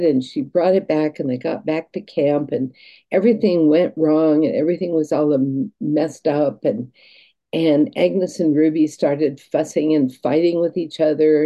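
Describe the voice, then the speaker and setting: A woman guest telling stories and reflecting, in an earnest, halting way with restarts. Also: low voice, warm tone, highs cut off. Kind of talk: reflective storytelling.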